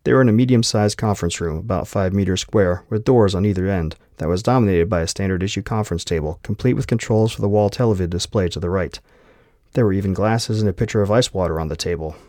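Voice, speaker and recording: Low-voiced male audiobook narrator. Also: quick pace, dark tone, dry recording, studio quality.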